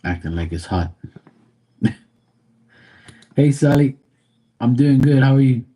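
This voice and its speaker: A man's voice: medium pitch, animated, takes it slowly, warm tone. A man hosting a casual live stream from home, greeting viewers by name and teasing his dog in a laid-back way. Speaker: live stream tarot reader.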